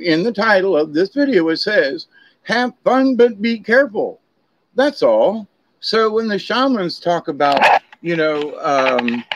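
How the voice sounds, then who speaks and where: A man's voice: sits high, a little hiss or hum. A middle-aged man from Florida, telling stories in a rambling, chatty way and drifting off on tangents. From Florida, USA. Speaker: vlogger. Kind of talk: rambling casual monologue. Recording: slightly dull, dry recording.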